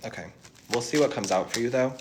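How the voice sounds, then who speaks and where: A man's voice: medium pitch, fast talker, background noise. A young man giving a tarot reading to viewers, reassuring and thinking aloud as he channels messages. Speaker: tarot reader.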